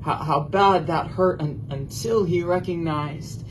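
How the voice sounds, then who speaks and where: A man preaching a sermon, earnest and prayerful, swinging from loud bursts to hushed near-whispers. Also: fairly high pitch, a little slow, background noise.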